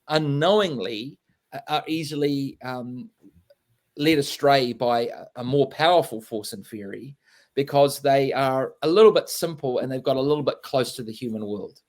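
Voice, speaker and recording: A man with an English accent, a guest author chatting casually in an interview, rambling with many fillers and restarts. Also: on the high side. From England.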